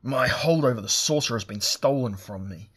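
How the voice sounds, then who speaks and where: A man's voice: fairly low pitch, fairly even intonation, normal speed, a bit bright, slightly rough. A man voicing a furious barbarian warlord who barks orders. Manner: roaring, commanding. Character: raging barbarian warlord, gruff and commanding.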